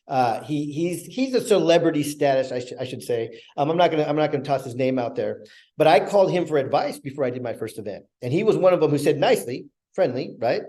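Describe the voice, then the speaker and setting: A middle-aged man giving a motivational talk, telling stories with lively acted-out quotes as an event organizer. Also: a little high. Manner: energetic storytelling, acts out quoted dialogue.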